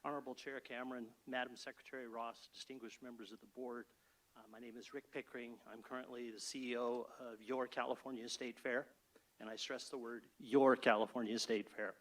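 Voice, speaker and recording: A man who heads a state fair gives a brisk, orderly formal presentation to an advisory board. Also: medium pitch, little pitch movement. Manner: brisk, orderly, speech-like delivery. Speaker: state fair chief executive. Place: state board meeting room.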